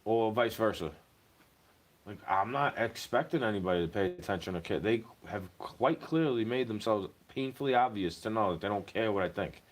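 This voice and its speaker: A man's voice: fairly low pitch, expressive, normal speed. A man delivering a rambling, profane monologue, his voice rising in agitated bursts and then dropping back. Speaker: vlogger. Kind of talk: ranting monologue.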